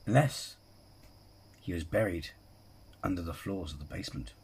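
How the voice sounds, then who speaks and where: A man's voice: low-pitched, moderate pace, creaky, a little mellow, a little hiss or hum. A man hosting a reaction video, chatting casually and rambling through asides and self-corrections as he comments on clips.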